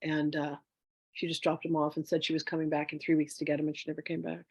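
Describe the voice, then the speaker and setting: A woman's voice: deep voice, completely flat delivery, quick pace, a little mellow, husky, dry recording. A woman teaching a spiritual class in a candid, chatty way, telling a personal story with many "you know" asides.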